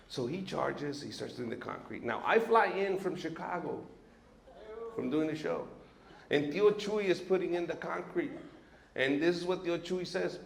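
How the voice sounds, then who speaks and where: A man from Mexico doing a stand-up comedy set on a stage, telling animated stories and acting out the characters in them. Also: high-pitched, normal speed, vocal fry. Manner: animated storytelling, acts out characters, laughs between bits. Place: stage at a live venue. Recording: roomy live venue sound.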